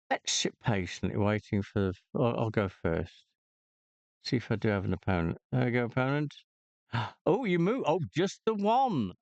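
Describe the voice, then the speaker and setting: With a medium-pitched voice showing vocal fry but a clean tone, a gaming channel host hesitantly mutters clues and moves in casual puzzle and game commentary. The recording is dull and lo-fi, with no echo.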